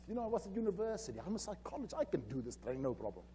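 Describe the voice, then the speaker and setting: Lively male keynote speaker, higher voice, husky, acts out each character. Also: very fast. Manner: animated, acts out dialogue. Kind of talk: storytelling presentation. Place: conference hall.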